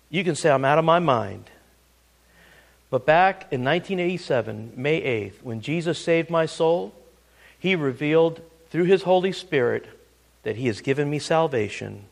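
A middle-aged man preaching a sermon, keeps prompting listeners with "listen" and "ready?", swinging dramatically between booming lines and hushed asides. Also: vocal fry.

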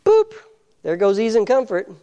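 A preacher giving an earnest, emphatic sermon, reading scripture slowly and deliberately. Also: mid-range voice, very animated, warm tone.

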